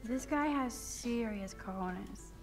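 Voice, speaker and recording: A woman's voice: a little high, slow pace, a little mellow, faint music behind. An actress voicing a wry, reflective young female student in a video game.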